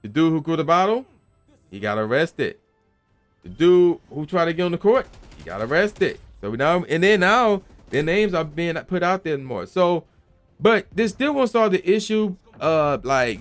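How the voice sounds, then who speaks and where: With soft background music behind him, a young man whose voice sits on the high side rants at a moderate pace as host of a gaming commentary channel. He's animated, emphatic and slangy, occasionally acting out the people he quotes.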